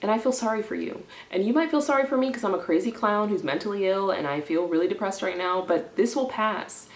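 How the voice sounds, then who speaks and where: A young woman vlogging in a stressed, rambling confessional, swinging from low mumbling to loud indignant outbursts and slipping made-up words into her speech. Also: animated, quick pace. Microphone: camera in front of her. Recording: echoey room.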